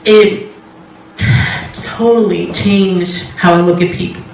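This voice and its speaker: A woman shares a faith testimony slowly, in a rambling storyteller's way, laughing often. Her voice comes from a distance in a roomy, echoing space. A faint background hiss sits under the speech. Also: fairly low pitch, steady tone, creaky. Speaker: Christian speaker sharing a testimony.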